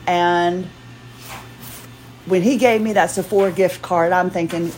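A woman's voice: on the low side, fairly even intonation, unhurried, darkish tone, slight background noise. A woman hosting her own podcast, chatting in a rambling, self-deprecating way while tired and moving carefully at home. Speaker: podcast host. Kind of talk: casual personal monologue. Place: home, house chores around her.

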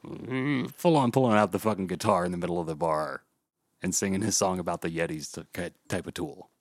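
A man casually reviewing a movie with friends on a podcast, animated and full of profanity. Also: deep voice, a little fast, no room sound, clean studio sound. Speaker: podcast host.

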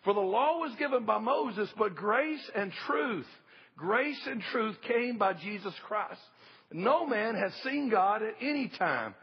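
A man's voice: high-pitched, expressive, a little slow, husky, highs cut off. A male pastor preaching a sermon in a church service, emphatic, repeating key phrases and calling for amens.

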